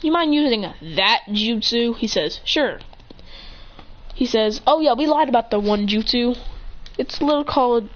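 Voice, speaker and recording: A woman improvising a fan story while gaming, rambling, correcting herself and getting excited as she jumps between characters' lines. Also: on the high side. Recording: dull lo-fi recording.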